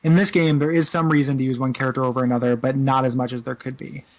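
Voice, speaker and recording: A man's voice: medium pitch, little pitch movement. A man in his thirties co-hosting a casual chat, rambling with many "like"s and "you know"s and laughing easily. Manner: amused, quick to laugh. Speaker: podcast co-host. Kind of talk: casual chat about a video game.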